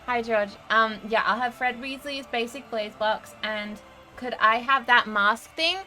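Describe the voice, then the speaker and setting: An Australian woman with a bright, sharp voice speaks in character as a tabletop game player. She talks hesitantly, filling gaps with ums and likes. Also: on the high side, steady tone, unhurried, poor audio. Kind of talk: in-character role-play.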